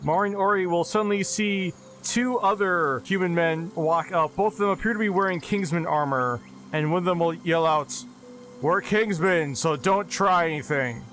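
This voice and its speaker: A man's voice: high-pitched, normal speed, fairly bright tone. Man narrating a tabletop game. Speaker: game master.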